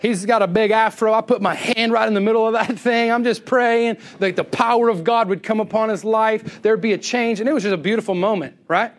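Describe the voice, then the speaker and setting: A man delivering a storytelling sermon in a high-pitched voice. He is animated and plays out each conversation himself, voicing the other people. He laughs often as he tells it. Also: a little fast, hardly any pauses. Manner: animated, acts out both sides of dialogue; laughs often while telling. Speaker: preacher.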